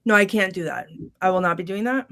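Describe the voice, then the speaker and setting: A woman's voice: mid-range voice, quick pace, a bit bright. A woman co-hosting a podcast in casual chat, retelling scenes with lots of fillers. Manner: chatty, retells film scenes with many fillers. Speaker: podcast co-host.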